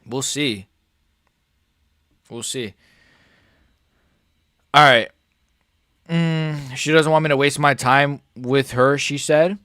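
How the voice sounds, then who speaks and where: A young man streaming a live MMA reaction, excitable and swearing, calling everyone "bro" and swinging between shouted outrage and quiet muttering. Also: medium pitch, slow pace, long pauses, no echo, studio quality. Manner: excitable, swears a lot, says "bro" often. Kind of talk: live fight reaction commentary.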